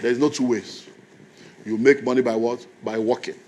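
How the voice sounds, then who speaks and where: A man's voice: medium pitch, fairly even intonation, moderate pace, darkish tone. A man, a pastor telling a story in a sermon in an emphatic, conversational way.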